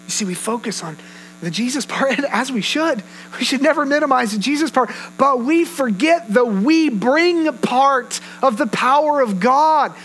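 A male pastor preaching a sermon, telling stories with animated delivery and acting out quoted voices. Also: very high-pitched, moderate pace, noisy background.

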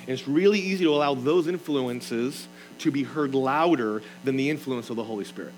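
A man's voice: mid-range voice, a little fast, faint music behind, poor audio. A man preaching a sermon in an earnest, emphatic way, reading scripture aloud and explaining it. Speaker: pastor.

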